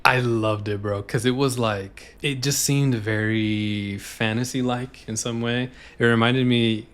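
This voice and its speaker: A man's voice: mid-range voice, steady tone, measured pace, fairly bright tone, clear, resonant tone. A man co-hosting a casual film podcast, laid-back and slangy. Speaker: podcast co-host.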